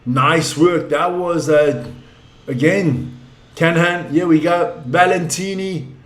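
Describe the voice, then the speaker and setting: An older man giving casual, excitable live rugby commentary, chatting and joking as he goes. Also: fairly high pitch, takes it slowly, reverberant.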